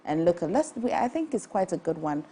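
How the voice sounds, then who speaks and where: Mellow-voiced Ghanaian woman hosting a panel. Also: lowish voice, sing-song, brisk, slightly rough. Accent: Ghanaian English. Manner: probing, questioning, conversational. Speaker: show host. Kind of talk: studio panel discussion.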